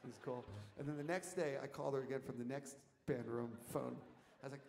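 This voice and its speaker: A man telling a rambling story from the stage of a concert hall, animated and laughing, shouting out the lines he quotes. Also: mid-range voice, quick pace, gravelly, hardly any pauses. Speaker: musician telling stories on stage. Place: concert hall, live audience. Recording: audience tape in a reverberant hall, faint noise.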